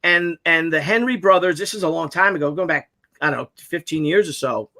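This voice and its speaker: A man's voice: fairly high pitch, brisk. A man telling a long anecdote in casual chat, rambling and restarting, swearing freely, on a video call. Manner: rambling, animated storyteller with many restarts. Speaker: podcast co-host.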